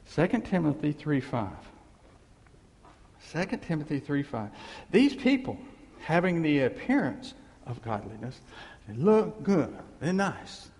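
Lively, gravelly preacher in an echoing hall. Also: male voice, a little slow. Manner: animated, swings between loud exclamations and low murmurs. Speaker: pastor. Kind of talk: sermon. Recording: reverberant hall sound.

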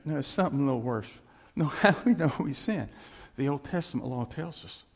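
A man preaching in an animated way, rising to loud exclamations and then dropping to hushed asides. His voice is gravelly and husky, and it carries a long reverb from the hall around him. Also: mid-range voice, fairly quick. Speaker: pastor. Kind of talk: sermon.

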